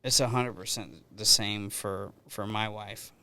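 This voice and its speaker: Smooth-voiced man hosting a podcast. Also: lowish voice, fairly even intonation, measured pace, bright, forceful tone. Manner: rambling storyteller with frequent restarts. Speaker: podcast host. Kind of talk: casual conversational interview.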